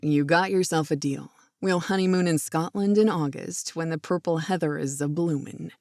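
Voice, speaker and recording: A woman voicing a smitten grown man in a romance audiobook, speaking low, soft and affectionate. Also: moderate pace, dry recording, clean studio sound. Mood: playful. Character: smitten man in his thirties, tender, playful.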